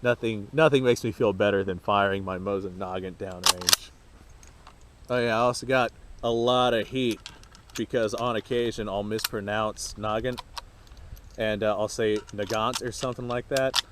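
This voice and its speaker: A man's voice: fairly low pitch, fairly even intonation, moderate pace, noisy background. A man hosting his own firearms channel, chatting casually and rambling to camera while out at a shooting range, swearing freely.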